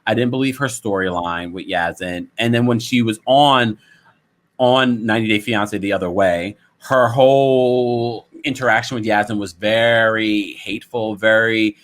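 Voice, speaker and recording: A man hosting a reality-show recap, chatting in a gossipy, teasing way with quick asides. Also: lowish voice, fairly bright tone. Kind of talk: gossipy casual chat.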